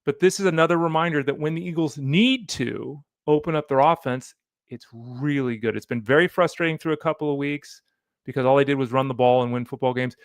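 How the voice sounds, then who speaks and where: A man hosting a solo fantasy football podcast, animated and opinionated, talking straight to the listener. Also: medium pitch, brisk, clean tone, no echo, clean studio sound. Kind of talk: solo sports podcast commentary.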